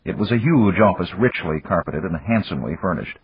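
Husky low guy reading a novel, lively pitch, dull dry lo-fi recording. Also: brisk, no room sound. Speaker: audiobook narrator. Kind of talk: scripted narration.

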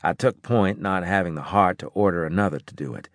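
A man reading a first-person science fiction audiobook in a gruff, clipped way. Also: low-pitched, a little fast, no echo, clean studio sound. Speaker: audiobook narrator.

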